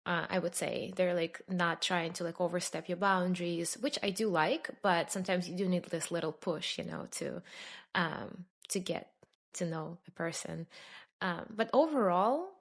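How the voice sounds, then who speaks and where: A woman's voice: lowish voice, normal speed. A young woman from Russia, a native Russian speaker, answering interview questions in a casual, chatty way with plenty of fillers. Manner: chatty, many fillers, laughs between answers. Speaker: podcast guest.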